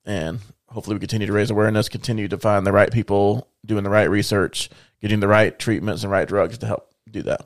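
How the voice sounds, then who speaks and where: A man co-hosting a podcast, calmly sharing news and figures in a casual, steady way. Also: on the low side, fast, dry recording, studio quality. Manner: informative, steady, with fillers. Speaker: podcast co-host.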